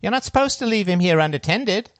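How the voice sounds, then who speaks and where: A man's voice: sits high, fast talker, no room sound, pitched above the performer's own voice. A man putting on a bored nasal teenage girl. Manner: bored, flat, curt.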